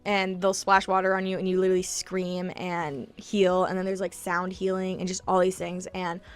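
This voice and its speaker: A woman's voice: lowish voice, monotone, normal speed, clean tone, faint music behind. A woman in her early twenties telling her travel story in a chatty, confessional way, full of "like" fillers and casual swearing, sometimes close to tears. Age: early 20s. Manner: emotional, close to tears at times. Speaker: travel vlogger.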